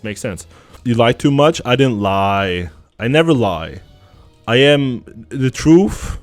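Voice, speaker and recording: Young German-accented man, sarcastic streamer, animated delivery, faint music underneath. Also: medium pitch. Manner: sarcastic, profane, ranting banter. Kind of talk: casual reaction to an online quiz.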